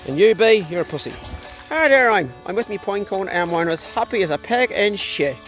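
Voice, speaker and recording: A man voicing his excitable young male dog with a brash, foul-mouthed Irish accent, filmed on a phone outdoors on a farm. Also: high voice, moderate pace, soft background music, pitched above the performer's own voice. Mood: cocky. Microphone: handheld phone.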